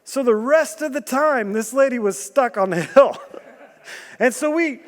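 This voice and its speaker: High-voiced man preaching in a reverberant hall. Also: measured pace. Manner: animated storytelling with jokes and rhetorical questions; bursts into loud emphasis. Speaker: guest preacher. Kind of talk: sermon. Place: church hall. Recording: long church hall reverb.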